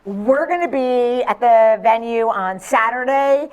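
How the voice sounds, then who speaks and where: Bubbly, excitable woman guest. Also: fairly high pitch, measured pace, smooth, highs cut off. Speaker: guest, slime business owner. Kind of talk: excited demonstration and casual chat.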